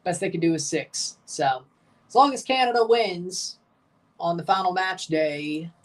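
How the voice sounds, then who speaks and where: A woman's voice: on the low side, measured pace, far from the mic. A woman hosting a live match watchalong, chatting casually and calling the plays in short bursts.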